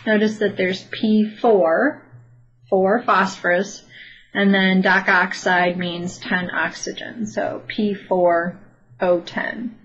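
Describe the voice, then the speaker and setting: A woman's voice: mid-range voice, slow. Patient woman teaching over dull audio. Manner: steady, patient explaining with many fillers. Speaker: chemistry teacher. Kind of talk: recorded lecture over slides.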